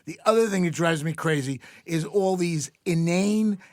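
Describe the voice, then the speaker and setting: A man's voice: fairly high pitch, moderate pace, no room sound, studio quality. A man in his sixties, guest on his daughter's podcast, chatting in a blunt, wry and ranting way with some swearing. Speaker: guest, the host's father. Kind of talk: casual podcast chat.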